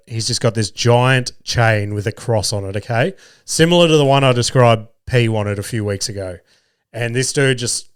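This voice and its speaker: A young Australian man spins casual stories on his podcast, swearing freely as he goes. He animates each retelling with quoted lines, in a voice of ordinary middle pitch. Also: clear, resonant tone. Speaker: podcast host. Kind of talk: casual storytelling.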